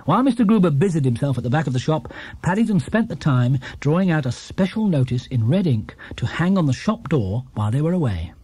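A man narrating a children's storybook in a lively, expressive way. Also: a little high, brisk, husky. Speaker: audiobook narrator.

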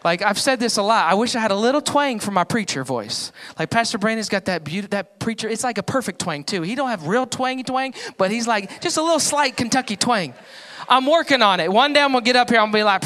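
Young male pastor, high-pitched, animated storyteller delivering a sermon. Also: fast. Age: young adult. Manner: storytelling, animated voices for quoted people. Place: church.

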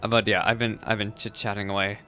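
A man's voice: fairly low pitch, little pitch movement, fast, bright, forceful tone, clean tone, soft background music. Sleepy, chatty man hosting a game. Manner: chatty, loose, sleepy and rambling. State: just woken up. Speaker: gaming streamer and video host. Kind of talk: casual let's-play commentary.

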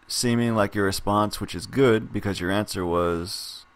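A man's voice: on the low side, normal speed. A man reading an interactive story game aloud, breaking off into casual chat and asides. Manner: reads narration aloud, breaks off to chat and laugh. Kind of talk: casual game read-through.

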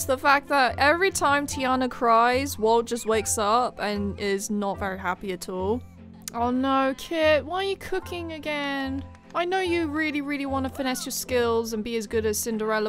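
A woman giving casual gameplay commentary, chatty and excitable, with sudden shrieks of surprise. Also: on the high side. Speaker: game commentator.

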